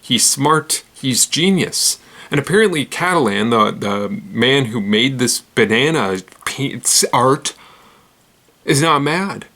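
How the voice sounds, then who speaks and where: A man hosts a casual roundup of odd news stories at an ordinary mid pitch. He rambles, fumbles names and restarts his sentences. He giggles at his own lines and makes fun of himself. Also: a bit bright. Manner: rambling, giggly, self-deprecating. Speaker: host.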